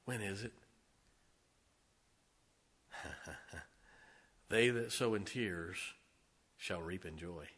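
A middle-aged male pastor preaching a sermon, telling folksy stories and swinging from loud declarations to hushed asides. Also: deep voice, very slow, pauses often, slightly rough.

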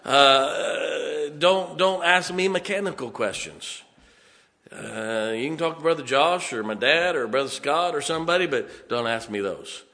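A man preaches in a homespun, chuckling manner, often pausing to check on his listeners. His voice is a bit high and bright with a forceful edge. It rings with the long echo of a church hall. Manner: folksy, chuckles often, keeps checking on the congregation. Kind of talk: sermon.

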